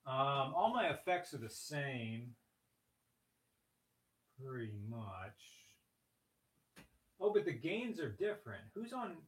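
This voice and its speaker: A man's voice: mid-range voice, very animated, slow pace, pauses often, husky, no room sound. A young man from Pennsylvania, co-hosting a live stream in casual, playful chat. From Pennsylvania, USA. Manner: playful, chatty, runs audience audio checks. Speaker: stream co-host.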